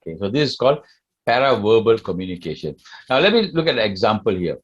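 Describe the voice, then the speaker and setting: A man's voice: on the low side, sing-song, fast talker, breathy edge, dull audio. A man with a Malaysian English accent giving a classroom lecture and often asking the class questions. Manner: asks the class questions, tags sentences with "lah".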